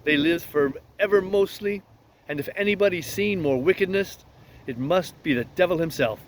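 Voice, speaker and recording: A man's voice: high-pitched, moderate pace, slight background noise, pitched above the performer's own voice. A man playing a crafty old one-legged ship's cook, talking in a coaxing, folksy sailor's way in a storybook reading.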